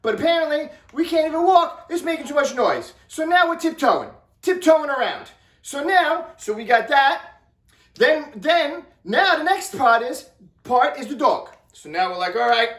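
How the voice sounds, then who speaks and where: A middle-aged man telling an animated vlog story, excitable and repeating himself as he acts out what people said. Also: extremely high pitch, normal speed. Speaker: vlogger. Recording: echoey room, distant from mic.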